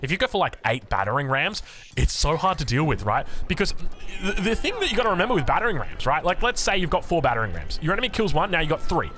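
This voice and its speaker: A man with an Australian accent casting a strategy game match with excitable, quick play-by-play commentary full of restarts. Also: fairly high pitch, soft background music. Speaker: esports caster.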